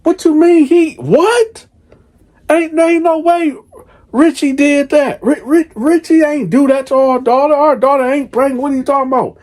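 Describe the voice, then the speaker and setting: A man voicing a frantic, disbelieving wife and mother who demands answers in a shrill, raised voice. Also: animated, normal speed, mellow.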